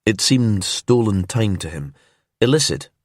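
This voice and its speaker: A man with a low voice reads a crime story slowly and calmly, keeping his delivery hushed and immersive. The sound is dry and close, with no room around it. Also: no room sound. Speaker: narrator. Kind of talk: calm scripted storybook narration.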